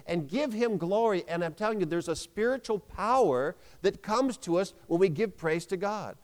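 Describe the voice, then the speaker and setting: A man's voice: high voice, animated, moderate pace, few pauses, darkish tone, in a large hall. A man preaching a sermon, emphatic, having the congregation repeat phrases aloud.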